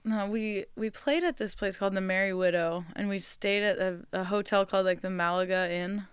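Lively, clear-voiced woman telling stories. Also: medium pitch, fairly quick, dry recording, studio quality. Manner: animated storyteller, laughs often, acts out voices. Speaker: musician guest. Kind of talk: casual interview chat.

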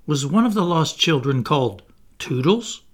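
A man doing an excitable little boy. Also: fairly high pitch, normal speed, voice pushed up. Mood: thrilled.

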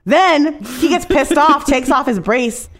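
A woman co-hosting a podcast in casual chat, retelling a film with animated storytelling, quick quoted voices, frequent laughs and casual swearing. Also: high-pitched, slight background noise. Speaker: podcast co-host.

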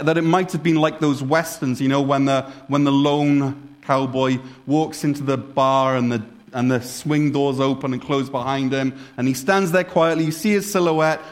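A man preaching a sermon in a conversational, storytelling way, explaining a Bible passage. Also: mid-range voice. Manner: conversational, storytelling, with restarts and asides.

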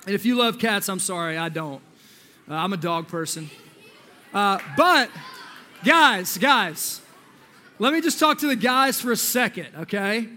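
A youth pastor, a man, delivers an energetic youth sermon with jokes and questions thrown at the crowd. His voice sits very high and sounds bright and forceful. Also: a little hiss or hum. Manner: energetic, joking, talks to the crowd.

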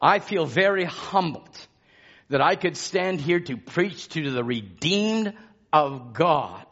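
A man preaches a sermon in a high voice, taking his time with each phrase. His delivery swells with passion and then drops back down. The recording sounds dull and lo-fi. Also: animated, slow, fairly bright tone. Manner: impassioned preaching, rising and falling in intensity.

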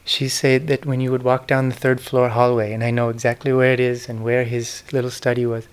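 In this reflective talk on spiritual history, a middle-aged man speaks fairly quickly in a smooth, clear, medium-pitched voice with a level tone. His devotional storytelling is earnest, and he softly whispers the names he quotes.

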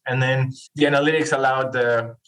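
A man of about forty from Chile, speaking English, tells his story as a podcast guest in a lively, animated way and acts out quoted voices. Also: medium pitch, normal speed, rough recording. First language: Spanish. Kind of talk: casual interview storytelling.

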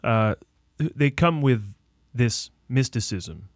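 Rambling, halting male podcast host. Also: mid-range voice, lively intonation, no room sound, studio quality. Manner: rambling, halting, wanders through his questions. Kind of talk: casual chat.

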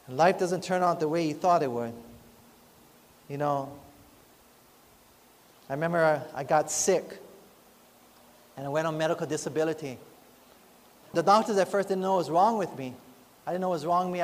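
A pastor with a fairly high voice preaches at normal speed, pausing often, as he earnestly tells his own story in a heartfelt tone that rises into pleading. Long reverb fills the recording, with faint music behind him.

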